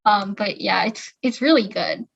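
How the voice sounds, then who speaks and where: A woman's voice: medium pitch, moderate pace, vocal fry. A young woman from the United States co-hosting a podcast in casual chat, full of "like" fillers. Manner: chatty, many "like" fillers. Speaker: podcast co-host. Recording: muffled lo-fi audio.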